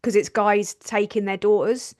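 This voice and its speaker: A woman's voice: mid-range voice, steady tone, moderate pace, a little mellow. A woman co-hosting a live stream, chatting casually, reading out viewer messages and laughing often. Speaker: co-host reading super chats.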